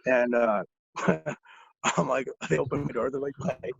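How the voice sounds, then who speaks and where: Here a young Ontario man, a podcast guest, tells casual stories full of swearing and laughter, animated throughout. He talks at a normal speed in a husky mid-range voice with vocal fry. It's a dry, dull lo-fi recording with no room sound.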